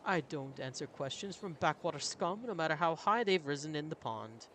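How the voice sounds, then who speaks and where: A man voicing a smug, arrogant one-handed governor with a gravelly, sneering delivery. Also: on the high side, lively intonation, normal speed, bright, forceful tone, slight background noise. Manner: sneering, condescending.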